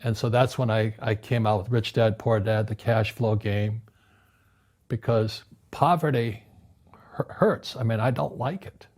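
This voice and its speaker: A man in his seventies from Hawaii, a guest in an interview, telling animated stories with frequent restarts and repeated words. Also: fairly low pitch, unhurried. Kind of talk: storytelling conversation. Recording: music playing underneath.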